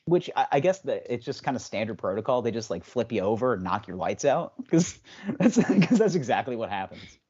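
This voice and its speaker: A young adult man co-hosting a podcast, telling a story in casual chat and jumping into high voices for the people he quotes. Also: big pitch swings, a little fast, a little mellow, breathy edge. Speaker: podcast co-host. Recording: slightly dull, lo-fi sound.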